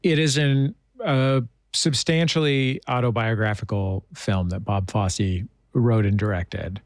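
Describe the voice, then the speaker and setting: A man's voice: lowish voice, steady tone, a little slow, no echo. A man from San Francisco hosting a radio interview, conversational and self-deprecating. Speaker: radio show host.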